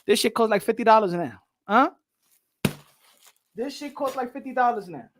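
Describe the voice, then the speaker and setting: A man's voice: very high voice, normal speed, background noise. A New York man hosting a boxing channel, ranting casually with lots of cursing and frequent laughter. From New York City. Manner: animated, profane, laughs often. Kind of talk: casual rant to camera.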